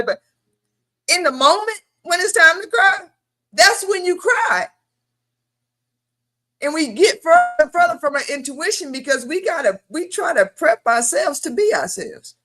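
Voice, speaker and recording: A woman's voice: high-pitched, a bit bright. A woman co-hosting a late-night talk stream, talking in an emphatic, preachy, profane motivational way. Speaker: podcast co-host. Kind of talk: casual chat. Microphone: remote stream.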